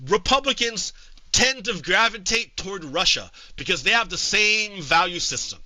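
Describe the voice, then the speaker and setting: A male streamer giving casual political commentary to his live chat, halting with frequent repeats and restarts. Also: high voice, big pitch swings, sharp tone, no room sound, low-quality recording.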